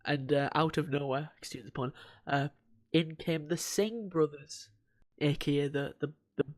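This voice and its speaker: A man rattles through the recap in a loose, rambling way, cursing freely and laughing as he goes. His voice sits a little high for a man. It sounds like an easygoing podcast chat. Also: moderate pace. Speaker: podcast co-host. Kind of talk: casual chat.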